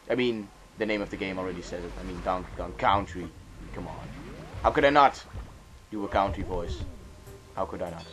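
A young man commentating on a video game, goofy and rambling, jumping between loud outbursts and mumbled asides, on a cheap microphone with hiss. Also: fairly low pitch. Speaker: let's play commentator. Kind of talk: casual gameplay commentary.

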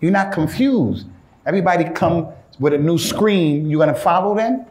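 A male preacher giving an informal, animated sermon in casual street slang, often calling his listeners "man". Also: on the high side, moderate pace, roomy sound.

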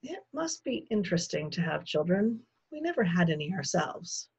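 A woman voicing a prim, easily offended middle-aged lady guest with a shrill, fussy manner. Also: very animated, normal speed, darkish tone, slightly rough, lo-fi sound, heavily acted.

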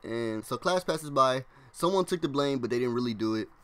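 A young man telling a storytime on his vlog, loose and slangy. He leans on "like" constantly and keeps breaking into quick impressions of his classmates. His voice sits at an ordinary middle pitch for a man. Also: animated, fairly bright tone. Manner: rambling slangy storytelling, heavy use of "like". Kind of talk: casual storytime narration.

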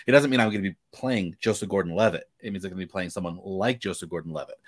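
A man's voice: low-pitched, fast talker. A man, an author co-hosting the podcast, explaining things in a casual, wry way. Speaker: author, co-host.

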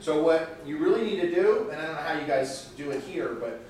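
A man's voice: fairly high pitch, expressive, fairly quick, darkish tone. Upbeat man giving sales training in an echoey room. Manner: upbeat, chatty, laughs between points. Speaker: product trainer. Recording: echoey room, mic far off.

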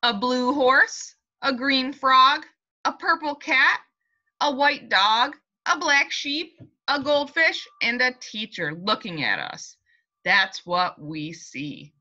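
Teacher woman, young adult, slow sing-song read-aloud for little kids, bright clear tone, slightly dull home-video sound. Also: sits high, expressive. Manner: sing-song, warm and encouraging, speaking slowly and clearly to small children. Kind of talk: reading a picture book and leading a class meeting for young children.

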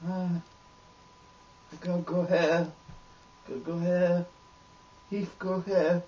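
A man putting on a slow, stammering simple young man. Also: high voice, little pitch movement, mellow, far from the mic. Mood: halting, earnest. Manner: slow, stammering, hesitant speech. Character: slow, halting, simple-minded young man named Heath. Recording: dull lo-fi audio with faint noise.

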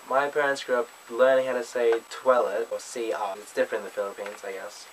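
A young Australian vlogger with an Australian accent casually reads a word list and answers questions for an accent tag video, tossing in playful, self-mocking asides. His medium-pitched voice is level in tone and a little fast, with hardly any pauses. The recording is rough, with a bit of hiss or hum.

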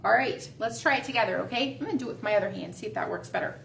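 A woman leading a library storytime, reading aloud to young children in a gentle, sing-song, encouraging way. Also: a little high, rapid-fire, vocal fry, hardly any pauses, slight background noise. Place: library room. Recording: echoey room, voice caught from a distance.

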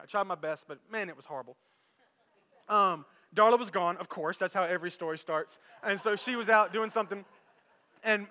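A middle-aged man, preaching a sermon and telling a story in a loose, conversational way that climbs to animated peaks. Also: sits high. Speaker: pastor. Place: church sanctuary. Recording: long reverb of a church hall with faint music.

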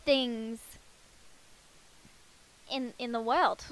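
Speaking very slowly in a high-pitched voice, a let's-play gamer chats through a life-sim game on a headset mic. She addresses her characters and teases herself, all in a rough recording.

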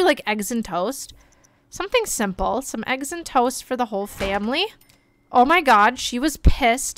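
A young woman streaming a life-simulation game, chatting excitedly and gushing over the characters as she plays. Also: high-pitched, smooth, no room sound. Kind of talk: life-sim gameplay commentary.

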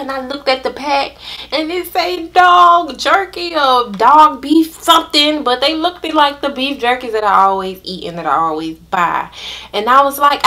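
A young woman, telling a storytime to her viewers in an animated, drawn-out way. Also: sits high. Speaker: vlogger. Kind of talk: casual storytime chat.

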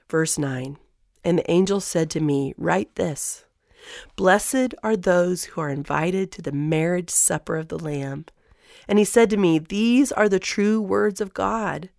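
A woman's voice: mid-range voice, gravelly, no room sound. Woman podcast host, conversational Bible teacher, middle voice, dry close sound. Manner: conversational, lively when reading scripture.

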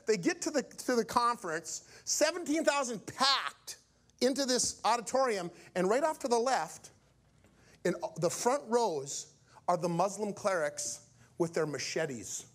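High-voiced preacher telling a story. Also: male voice, normal speed. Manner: animated, acts out each character's lines. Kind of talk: storytelling sermon.

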